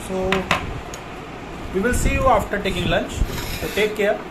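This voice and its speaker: A man's voice: high voice, moderate pace, heavy background noise. Eager Indian-accented man vlogging. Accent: Indian English. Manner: eager, repetitive, encouraging. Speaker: vlog host. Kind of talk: casual vlog talk.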